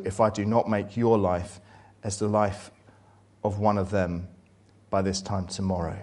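A man preaches a sermon, reading scripture and retelling it with drama, swinging between loud excitement and hushed, low passages.

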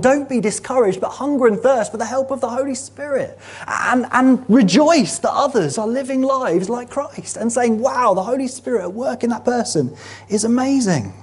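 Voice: mid-range voice, a little mellow, husky. A preacher giving a sermon in a church meeting room, earnest and building to emphatic peaks.

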